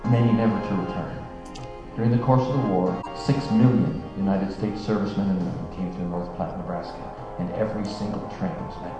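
A man telling a long story as part of a sermon, earnest and dropping to a hush at the most moving points. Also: low-pitched, steady tone, fairly quick. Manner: earnest storyteller, softening to a hush at emotional peaks. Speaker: speaker. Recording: dull echoey hall with music.

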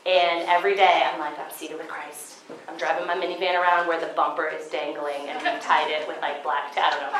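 Animated woman giving a Christian seminar talk. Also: fairly low pitch, roomy sound, a little hiss or hum, low-quality recording. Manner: animated storytelling, acting out her own past thoughts. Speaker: conference speaker.

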